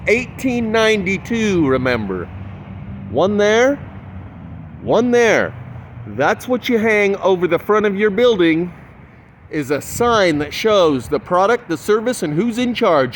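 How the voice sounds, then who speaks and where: A man, walking around a stone building outdoors and talking casually to his own camera as he points things out. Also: high voice. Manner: chatty, pointing things out, counting aloud. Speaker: vlogger. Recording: outdoor handheld camera, faint street noise.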